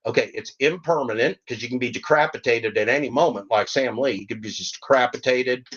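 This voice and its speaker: A man's voice: mid-range voice, fairly bright tone, a little hiss or hum. Fiery rambling older man, lo-fi. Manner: fiery, rambling, sarcastic, slow emphatic reading. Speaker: podcast host. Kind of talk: reading aloud and ranting.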